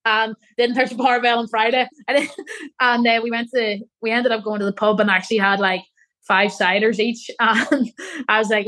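A woman's voice: a little high, fairly even intonation, normal speed, fairly bright tone. Chatty young woman, laughing, rambling. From Ireland. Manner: laughing, rambling with many fillers. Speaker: guest athlete. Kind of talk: casual chat.

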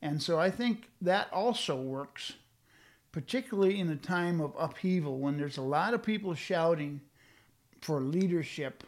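A man's voice: on the high side, expressive, normal speed. An older man speaking reflectively in a conversational discussion, with frequent fillers and restarts. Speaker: guest speaking on leadership.

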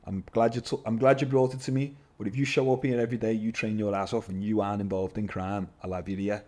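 A man, a guest telling his story in an animated, casual way, swearing and calling everyone lad. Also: lowish voice, quick pace. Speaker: podcast guest, MMA fighter.

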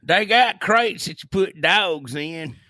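Bright, animated joker. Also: male voice, high-pitched, takes it slowly. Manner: joking, irreverent, teasing. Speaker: podcast co-host. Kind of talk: casual sports chat.

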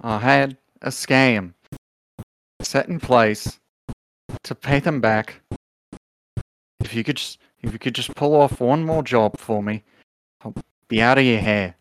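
A man playing a scheming grifter father in a tabletop role-play game, doing an Australian accent, drawling and halting with fillers. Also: medium pitch, no room sound, close to an everyday voice. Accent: attempted Australian.

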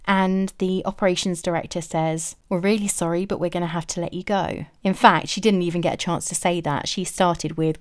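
Frank woman, lowish voice. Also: clean tone. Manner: frank, reflective, matter-of-fact. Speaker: vlogger telling a personal story. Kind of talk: candid first-person storytelling.

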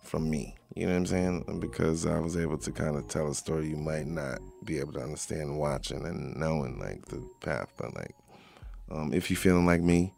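A middle-aged man, a rapper guest, talking in a laid-back, halting way with many fillers in a casual interview. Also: extremely low pitch, creaky, darkish tone, faint music behind.

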